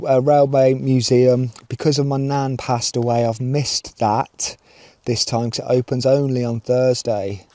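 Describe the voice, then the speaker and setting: A man chatting to the camera on a road-trip travel vlog, excitable and rambling, outdoors by his van. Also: medium pitch, no room sound. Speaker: vlogger.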